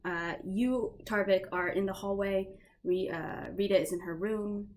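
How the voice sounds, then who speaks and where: A woman running a tabletop game as game master, relaxed and chatty. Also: medium pitch, measured pace, slight background noise.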